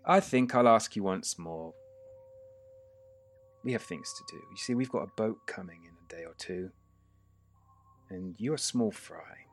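A man voicing a menacing bald man who makes quiet, cold threats in a tabletop game. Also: expressive, slow, long pauses, faint music behind, full character voice. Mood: quiet menace. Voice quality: soft, low, hushed threats.

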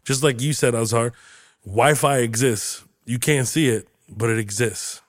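A man hosting a comedy podcast, joking loudly and profanely in casual chat. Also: medium pitch, a little slow, no room sound, studio quality. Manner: loud, profane, animated joking. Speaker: podcast host.

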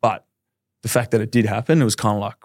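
A quick-talking Australian man in his thirties, a podcast guest, tells his story in a candid, rambling way and acts out the quotes. His voice sits a little low. The sound is dry and close. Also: fairly even intonation, darkish tone, no echo. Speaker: podcast guest, professional footballer. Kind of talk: casual podcast interview.

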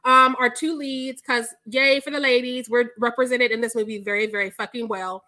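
A woman co-hosting a casual podcast, telling a story in an animated, profane way. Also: high-pitched, moderate pace, faint music behind. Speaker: podcast co-host. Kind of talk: casual chat.

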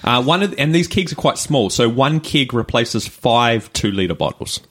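A man's voice: medium pitch, lively intonation, moderate pace, fairly bright tone. Male podcast co-host, New Zealand accent, mid-range voice, loose anecdotal delivery. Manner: rambling anecdotes with fillers and laughs. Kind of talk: casual chat, storytelling.

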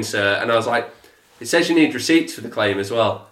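A man, telling a story in a casual podcast chat, animated and swearing, mimicking others in a flat lowered voice. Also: normal speed. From England. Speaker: podcast co-host. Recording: echoey room.

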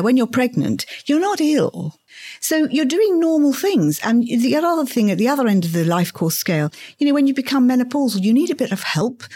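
Middle-aged woman guest, husky-breathy tone, emphatic, keeps a conversational pace in an interview. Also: mid-range voice. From England. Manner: earnest, animated, emphatic repetitions. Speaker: guest, obstetrician and gynecologist.

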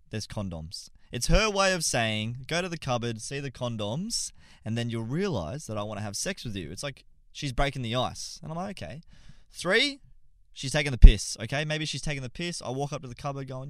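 Young male podcast host, crude and animated storyteller, swinging pitch, close dry sound. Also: moderate pace, no echo. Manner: animated, swearing, laughs mid-sentence. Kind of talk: casual storytelling to gamers.

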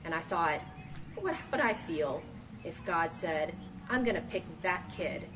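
A woman in her thirties giving a sermon, lively and acting out the voices she quotes. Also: low voice, measured pace, pauses often. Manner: animated, acts out quoted voices. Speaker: speaker at a church talk. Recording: distant mic, faint room noise.

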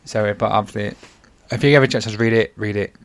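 A middle-aged man with a fairly low voice chats casually on a family podcast. He rambles through his stories, doubling back to correct himself as he goes. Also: fairly even intonation, fast. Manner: rambling, self-correcting storyteller. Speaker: podcast host, father.

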